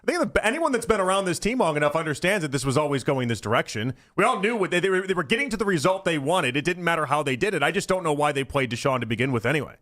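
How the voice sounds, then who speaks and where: A male American co-host chatting on sports radio from a studio. He talks fast in a casual, dry way, and his voice sits a little on the high side. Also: sing-song, a bit bright. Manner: quick, casual and dry, with frequent "like" and "uh".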